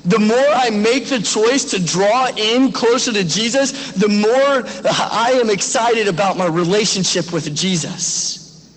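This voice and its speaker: A man's voice: sits high, expressive, unhurried, fairly bright tone. A man in his thirties, a pastor, giving an earnest graduation sermon and prayer that puts direct questions to the listeners. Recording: long echo of a large hall.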